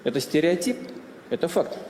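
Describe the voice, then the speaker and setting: A man making an official public statement, asking measured rhetorical questions, in an echoey hall. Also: a little high, big pitch swings, darkish tone, slight background noise. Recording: echoey hall with faint ambience.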